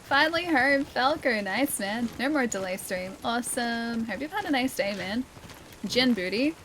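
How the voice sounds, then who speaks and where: A woman's voice: on the high side, animated, normal speed, a bit bright, a little hiss or hum. A young woman streaming a game, chatting casually and giggling as she thinks aloud. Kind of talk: casual gameplay commentary.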